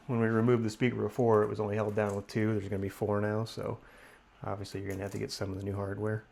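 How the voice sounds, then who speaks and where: A man with a gravelly, creaky voice walks through a hands-on install as he works. His talk is relaxed and full of fillers, with faint noise behind him. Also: mid-range voice. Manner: relaxed, talks while working, frequent fillers. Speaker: DIY installer.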